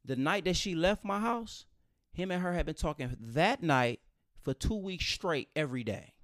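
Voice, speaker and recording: A man telling a personal story on a podcast in slangy, animated casual talk. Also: fairly high pitch, moderate pace, no room sound, studio quality. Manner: animated, slangy, acts out voices. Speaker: podcast host.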